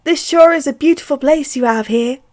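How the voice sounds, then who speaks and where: A woman's voice: sits high, fairly quick, a little mellow, voice pushed up, lightly acted. A woman voicing an eager, wide-eyed young boy who speaks enthusiastically and in awe. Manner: enthusiastic, awed.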